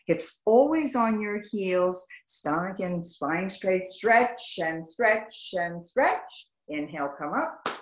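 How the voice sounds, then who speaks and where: A woman yoga teacher runs a live class over a video call, firing off short, clipped commands at a medium pitch. The sound is echoey, as if she is in a reflective room. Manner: brisk rapid-fire commands in short clipped phrases; affectionate, greets students warmly by name. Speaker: yoga instructor. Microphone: video call microphone.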